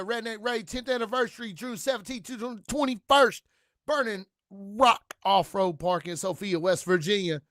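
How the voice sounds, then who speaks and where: A man hosting a casual livestream, rambling loosely with slang and profanity, giving viewers shout-outs. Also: on the high side, no echo, clean studio sound. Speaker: livestream host.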